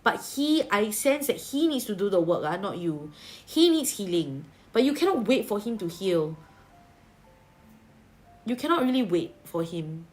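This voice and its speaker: A tarot reader on a livestream talks to viewers bluntly and chattily, peppering her speech with "lah" and "leh." Her medium-pitched voice is sing-song at a moderate pace, with faint music behind.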